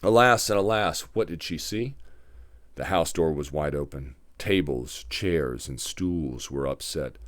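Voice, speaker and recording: A man narrating a fairy tale in a measured, dramatic storybook reading. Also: very deep voice, no echo.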